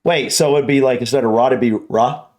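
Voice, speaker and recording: A man hosting a casual reaction chat, animated and playfully trying out sounds. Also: medium pitch, fast, faint music behind. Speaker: reaction channel host.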